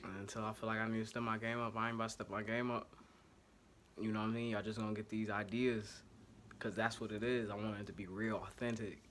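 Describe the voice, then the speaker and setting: Ohio-accented male host, low-leaning, bright edge, slangy, one-take fan talk, casual and rambling. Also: flat delivery, fast, slight background noise. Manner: loose, slangy, self-correcting and apologetic about technical trouble. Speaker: sports podcast host. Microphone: home setup, single take.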